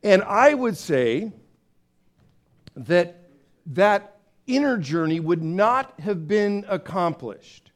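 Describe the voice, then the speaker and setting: Pastor, male, slightly high voice, lively sermon delivery, acts out the characters. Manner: animated storyteller, acts out voices with big pitch swings; conversational, with fillers and restarts.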